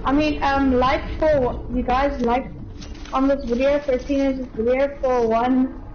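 A woman, an Afrikaans speaker, giving excitable casual commentary while streaming a game. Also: sits high, measured pace. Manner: excitable, switches between Afrikaans and English. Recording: dull lo-fi mic with faint hiss.

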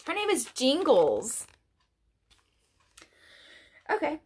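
A woman's voice: sits high, huge pitch swings, very slow, a little mellow. A woman vlogger chatting casually through an unboxing, gushing and laughing often.

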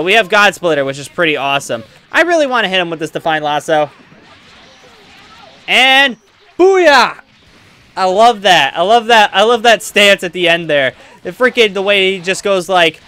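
A man giving let's play commentary, excitable and rambling, trash-talking his opponents as he plays. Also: a little high. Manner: excitable, trash-talks opponents while playing; rambling with many fillers. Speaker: gaming channel host.

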